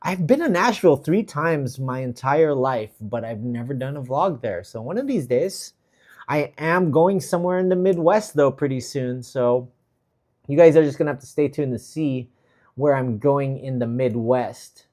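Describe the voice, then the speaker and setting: A man hosts a travel livestream, chatting casually, reading viewer comments, and giving shout-outs in an easygoing, filler-filled way. His medium-pitched voice is animated and moves at a moderate pace.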